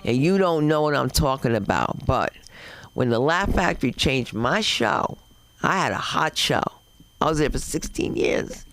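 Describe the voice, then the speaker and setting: Man, comedy club host, rambling stage patter, smooth resonant voice, slightly high. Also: fairly bright tone.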